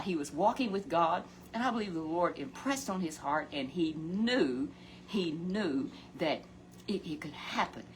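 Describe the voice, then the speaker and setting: A woman telling a Bible story in a folksy, animated way, often exclaiming and addressing a companion by name. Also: medium pitch, a little hiss or hum.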